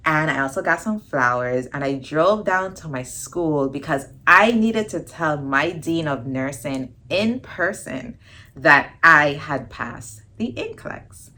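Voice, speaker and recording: A woman's voice: deep voice, takes it slowly. A young woman vlogger telling a personal story in a casual storytime style, acting out the dialogue. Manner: animated storytelling, acts out quoted dialogue.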